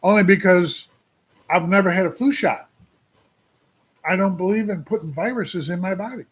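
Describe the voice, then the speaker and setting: A man's voice: high-pitched, normal speed, slightly rough. A man in his sixties venting on a casual livestream, rambling and putting questions to his viewers. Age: 60s. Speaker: trucker livestream host.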